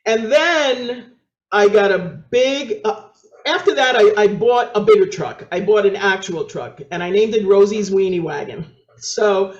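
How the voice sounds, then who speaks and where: A woman with a New York accent, a guest on an interview show, telling her story with energy, acting out other people's voices and laughing often. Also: measured pace. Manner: acts out quoted voices with big pitch jumps, laughs often. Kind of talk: animated storytelling. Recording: echoey, dull lo-fi sound.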